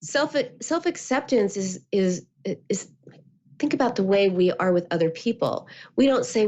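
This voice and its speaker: A woman, a therapist and author, giving calm, measured answers as a guest and acting out quotes as she explains. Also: fairly high pitch. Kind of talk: interview answers. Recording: muffled lo-fi audio.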